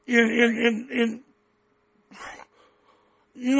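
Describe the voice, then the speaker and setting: A man's voice: very high voice, a little slow, creaky, pauses often, pushed and bright. Angry stammering man on the phone. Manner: angry, blunt, stammering repeats, cusses. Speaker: caller, activist recording his calls. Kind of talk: heated phone call. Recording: phone call recording.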